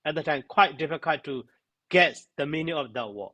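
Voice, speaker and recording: A man explaining language grammar to a student, stopping often to search for words. His voice sits a little on the higher side, and his explanations come in hesitant, broken phrases. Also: animated, sharp tone, rough recording. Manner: halting, searches for words, many fillers. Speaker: Pali teacher. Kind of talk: explaining grammar in a class discussion.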